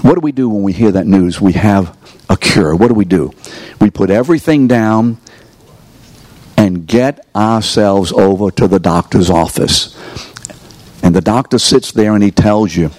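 Unhurried and on the low side, this man's voice carries a slightly mellow quality in a dry recording. He's a preacher teaching a course, delivering a sermon to a live audience in a room, leaning on rhetorical questions and coaxing answers.

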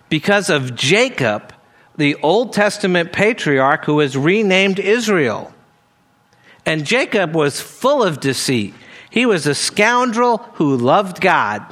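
A man with a high-pitched voice delivers a sermon, teaching earnestly through a scripture passage verse by verse. He reads the verses aloud and breaks into conversational asides. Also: fairly bright tone. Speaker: preacher.

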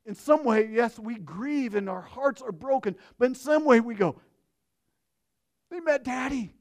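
A pastor preaching a sermon, earnest, dropping to hushed phrases and rising to emphatic ones. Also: male voice, extremely high pitch, lively intonation, moderate pace.

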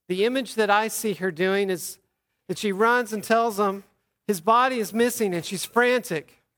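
A man, a pastor, giving an Easter sermon, telling the story earnestly and acting out quoted lines softly. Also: sits high.

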